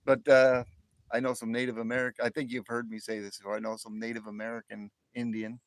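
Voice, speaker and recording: 50s guy rambling on his livestream, repeats himself a lot, mid pitch, dry close sound. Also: little pitch movement, quick pace, dry recording. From northern New York near the Canadian border. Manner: rambling, repeats words, chuckles often. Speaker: livestream host. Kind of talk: casual live chat with viewers.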